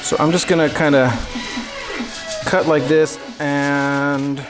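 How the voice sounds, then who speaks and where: A man's voice: fairly high pitch, flat delivery, slow. Jokey man hosting a cooking livestream. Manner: joking, chatty, talks to himself while cooking. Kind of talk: casual livestream chat. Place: home kitchen. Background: music.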